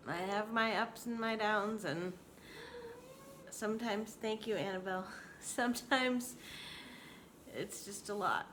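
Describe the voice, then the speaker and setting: A woman's voice: mid-range voice, a little slow, a bit bright, a little hiss or hum. A woman in her forties talking candidly to her home vlog audience, open and emotional, often close to laughing. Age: 40s. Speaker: vlogger. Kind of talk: casual personal vlog talk.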